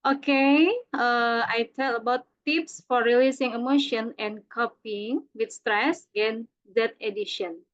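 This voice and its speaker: A woman with an Indonesian accent speaks slowly in a high voice, hesitating often. She presents over a video call with dull, lo-fi audio. She sounds like a learner working through a second language. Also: fairly even intonation. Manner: hesitant, many fillers. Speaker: student presenter.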